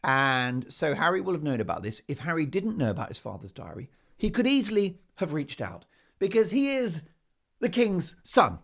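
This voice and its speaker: Male talk host, lively pitch, punchy sarcastic monologue. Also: normal speed, creaky. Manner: emphatic, sarcastic, with rhetorical questions. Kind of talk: opinionated monologue.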